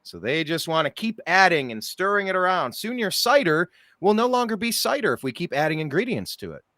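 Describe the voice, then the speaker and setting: A male talk show host with a lively voice that swoops up and down, sitting a little high for a man. He sounds exasperated and mocking in casual chat. The sound is dry and close. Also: a little fast, no echo. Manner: animated, exasperated, mocking asides.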